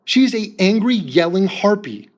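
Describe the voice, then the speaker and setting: A man's voice: high-pitched, sing-song, measured pace. A man commenting over video clips with crude insults, mocking and laughing as he talks.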